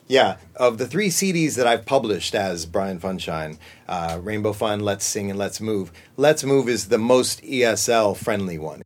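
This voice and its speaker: A man's voice: lowish voice, a little slow. A middle-aged American man, a voice actor and children's singer, talking casually in an interview and jumping into character voices. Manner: animated, jumps into character voices and sung snippets.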